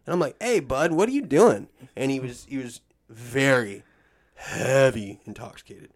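A man telling a long story in casual, profane talk, acting out what people said with big swings in voice. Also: moderate pace. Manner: animated, acts out quotes with swings in pitch and volume. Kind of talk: casual storytelling with heavy swearing.

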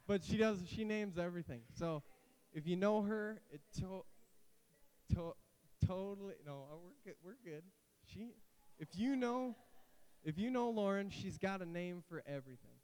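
A youth pastor in his late twenties gives a casual sermon in a high, clean-toned voice at normal speed, telling animated stories with asides and jokes along the way. The recording is rough, with a faint hiss.

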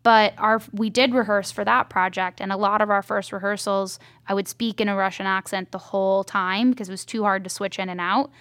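A woman filmmaker chatting in an interview, telling stories in a lively, talkative way. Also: mid-range voice, fairly quick, few pauses, dry recording, studio quality. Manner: chatty, animated storytelling. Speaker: indie filmmaker guest. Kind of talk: casual interview chat.

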